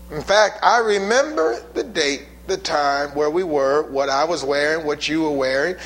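A man preaching a sermon, swinging between loud emphatic bursts and low, quiet asides. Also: poor audio. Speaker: pastor.

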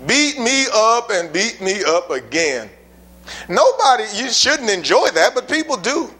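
High-voiced man preaching a sermon. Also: sing-song, measured pace, bright, forceful tone. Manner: emphatic, with rhetorical questions and folksy asides. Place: church building before a congregation.

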